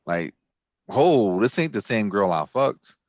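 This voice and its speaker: Low-voiced, crude, joking male podcast host. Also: slow, lo-fi sound. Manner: animated storyteller, crude and joking, acts out quoted voices. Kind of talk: casual podcast chat.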